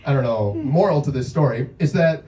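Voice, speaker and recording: Ranting stand-up comic, lively swooping pitch, heard from afar in an echoey venue with a crowd. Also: fairly quick, heavy background noise. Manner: exasperated, profane ranting, often shouting. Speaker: stand-up comedian. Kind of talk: stand-up storytelling. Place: small comedy night venue. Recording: echoey room, distant mic, audience.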